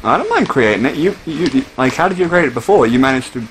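A man's voice: mid-range voice, expressive, fast talker, a bit bright, a little hiss or hum, low-quality recording. A man chatting casually while playing a video game, rambling with restarts and whiny complaints. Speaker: gamer. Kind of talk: casual gaming chat.

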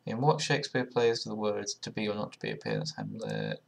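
His pitch swoops wildly on a low, vocal-fried voice that runs a little fast. This young video creator is taking an online quiz, muttering guesses and thinking aloud, swearing sarcastically and often, and letting out sudden loud outbursts.

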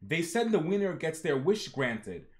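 A man voicing a cheerful, carefree teenage fighter in a loud, excited way. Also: on the high side, measured pace.

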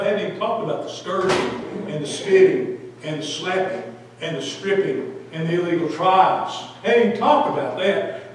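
A man leads a church Bible class and acts out each scripture voice with energy. His voice sits a little high for a man. He sounds far from the mic in a very echoey room with a long reverb tail and faint hiss. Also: moderate pace. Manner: animated, acts out quoted voices, asks the class questions. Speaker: Bible study teacher. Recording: echoey room taped from a distance.

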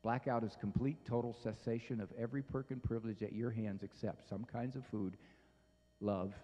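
A man giving a humorous parenting talk to an audience, telling stories with lively voices. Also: medium pitch, moderate pace, long reverb tail, lo-fi sound. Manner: animated storytelling, acts out voices. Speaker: speaker on parenting.

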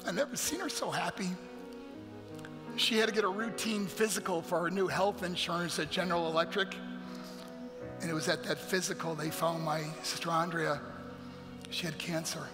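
A man's voice: sits high, steady tone, normal speed, long pauses. A man giving an earnest, emotional talk as a guest speaker in a church. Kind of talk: heartfelt motivational talk. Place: church sanctuary. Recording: long hall reverb with faint music.

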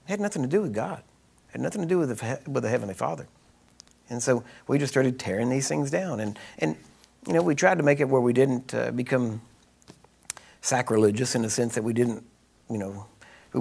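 Gravelly Texan man telling stories. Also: mid-range voice, a little mellow. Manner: chatty, laughs often, acts out quoted voices. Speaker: healing ministry teacher. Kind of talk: storytelling teaching session.

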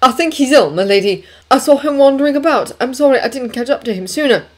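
A woman reading aloud voices a nervous, quick-thinking young male servant, speaking hesitantly and earnestly. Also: sits high, lively intonation, darkish tone, voice pushed up. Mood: anxious.

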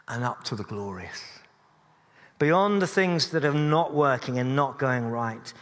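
A man preaching a sermon in a church, earnest but with dry humorous asides. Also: on the high side. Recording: long church reverb.

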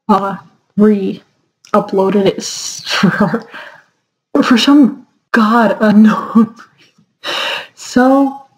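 A woman's voice: mid-range voice, darkish tone. A young woman reading a badly written story aloud and commenting on it, often breaking into giggles and mocking the text. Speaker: fanfic reader. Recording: dull lo-fi home recording.

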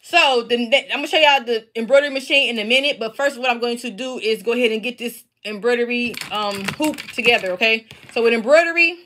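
Woman, friendly craft-seller host talking straight to camera, casual live chat, bright tone. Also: on the high side, fairly even intonation, fast, few pauses. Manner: chatty, talks straight to viewers. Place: home basement.

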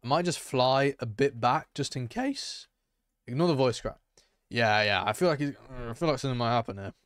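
A young man chatting excitedly to his viewers as he streams a game, reacting loudly and calling out to chat. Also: medium pitch, a little fast, clear, resonant tone, dry recording, clean studio sound. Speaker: gaming streamer. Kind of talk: live gameplay commentary.

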